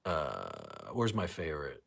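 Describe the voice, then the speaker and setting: A man's voice: very deep voice, wildly swooping pitch, slow, gravelly, fairly bright tone, breathy edge. A man from St. Louis hosting a casual livestream, ranting with lots of swearing and reading chat comments. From St. Louis, USA. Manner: ranting, profane, reads chat aloud. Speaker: livestream host.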